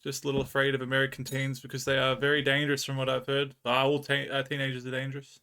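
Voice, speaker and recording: Bright-voiced Australian man chatting on stream. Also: mid-range voice, monotone, fast talker, clear, resonant tone. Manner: rambling storyteller, laughs often. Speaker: livestreamer. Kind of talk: casual chat with viewers.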